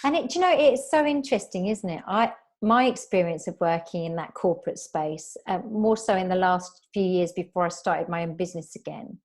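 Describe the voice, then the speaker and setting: A woman's voice: fairly low pitch, a little fast, few pauses, a little mellow. Woman podcast host, frank, opinionated, conversational. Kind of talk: casual chat.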